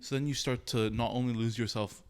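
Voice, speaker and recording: A man's voice: mid-range voice, brisk, smooth. A young man in his twenties, an interview guest speaking candidly and animatedly about his own experiences, with frequent fillers. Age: 20s. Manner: open, animated storytelling with frequent fillers and laughs. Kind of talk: candid personal conversation.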